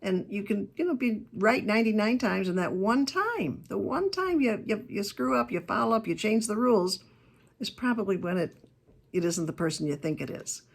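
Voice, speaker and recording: A woman giving a keynote talk on customer service, telling stories in a chatty, emphatic way with quick asides. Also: medium pitch, lively intonation, vocal fry. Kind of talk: lively talk to a business audience.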